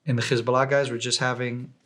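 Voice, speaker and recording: A man from Israel casually telling combat stories as an interview guest, animated and acting out the voices of the people he quotes. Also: medium pitch, fast talker. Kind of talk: casual war storytelling.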